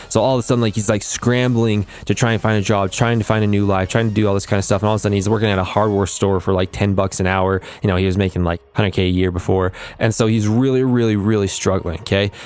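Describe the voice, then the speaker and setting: A man hosting a music production channel, casually retelling a book's story with lots of fillers and animated asides. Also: fairly low pitch.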